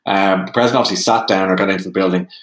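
A man with an Irish accent, a podcast guest telling a lively self-deprecating anecdote. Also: sits low, racing. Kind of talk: animated storytelling. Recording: roomy echo.

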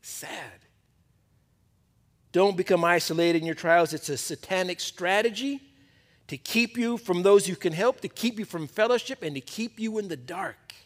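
A male pastor giving a sermon to a men's Bible study, preaching in a conversational, emphatic way that drops to a hush at times. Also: high-pitched, normal speed.

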